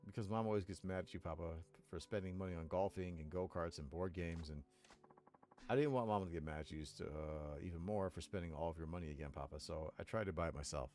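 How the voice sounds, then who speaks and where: A man voicing a sweet, earnest little boy in a high, squeaky put-on voice. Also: quick pace, darkish tone, natural voice.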